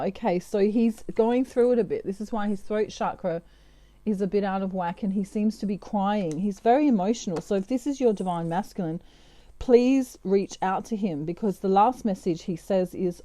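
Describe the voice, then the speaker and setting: A woman's voice: medium pitch, normal speed, dark tone, no room sound. A woman giving a casual, chatty tarot reading, full of fillers and asides. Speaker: tarot reader.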